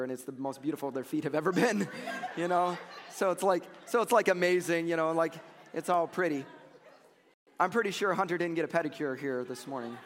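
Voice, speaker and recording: Joking preacher in a reverberant hall. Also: male voice, on the high side. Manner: casual, joking, conversational preaching with laughs. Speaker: pastor. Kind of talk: sermon.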